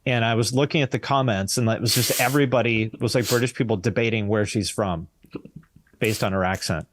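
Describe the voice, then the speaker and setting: A man's voice: lowish voice, steady tone, brisk. An American man, a podcast guest in casual chat, blunt and sardonic, swearing casually. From United States.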